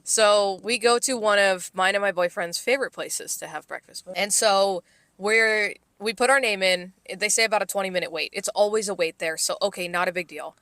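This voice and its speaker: Bright-voiced woman venting with profanity. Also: medium pitch, normal speed, no echo. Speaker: podcast co-host. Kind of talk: casual storytelling chat.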